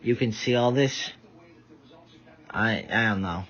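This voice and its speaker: A man's voice: fairly low pitch, slow pace, pauses often, fairly bright tone. A tired man giving rambling casual live commentary, stumbling over his words. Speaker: vlogger. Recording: dull lo-fi audio.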